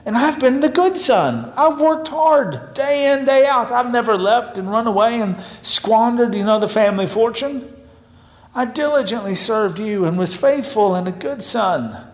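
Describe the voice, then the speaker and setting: A man's voice: very high-pitched, animated, a little slow, voice pushed up. A man voicing a resentful older brother who complains indignantly in a raised voice. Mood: bitter, indignant. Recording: long hall reverb.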